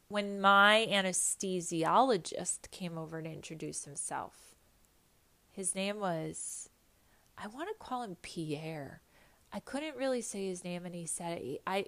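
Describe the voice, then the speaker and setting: A woman telling a personal story in a chatty, animated, self-mocking way, with quick asides and restarts. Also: mid-range voice. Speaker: storyteller recounting a hospital visit. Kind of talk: casual storytelling monologue.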